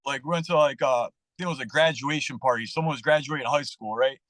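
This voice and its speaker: A man telling his story as a podcast guest in a candid, profane, animated way. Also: mid-range voice, quick pace, dry recording, low-quality recording. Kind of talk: casual storytelling interview.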